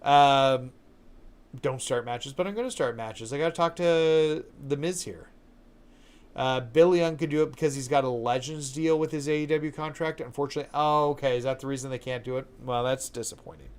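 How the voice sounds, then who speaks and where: A man from Canada giving relaxed live commentary while playing a video game and answering his viewers' chat questions. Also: medium pitch, brisk, clean tone. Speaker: live streamer.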